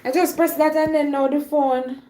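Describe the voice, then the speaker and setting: A young adult woman, chatting casually on a live stream and loudly urging her dog along between asides. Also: sits high, fairly even intonation, moderate pace.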